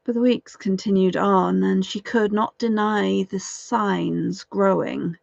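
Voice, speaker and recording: A woman's voice: mid-range voice, fairly even intonation, slow, creaky, dry recording. A woman storyteller telling a folk tale aloud, dramatic and lingering over repeated phrases. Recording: dull, dry lo-fi recording.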